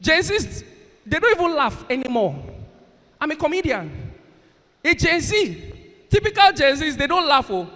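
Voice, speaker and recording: A man's voice: very high-pitched, very animated, normal speed, long pauses, sharp tone. A man working as a comedian and event MC, teasing the audience and hyping up the crowd on stage. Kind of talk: stand-up banter and stage hosting. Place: large university event hall on stage. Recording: long hall reverb over a PA.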